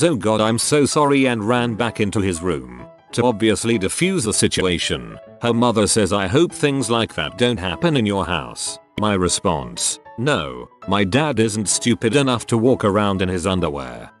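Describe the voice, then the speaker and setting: A man reading online stories aloud as a scripted narration. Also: fairly low pitch.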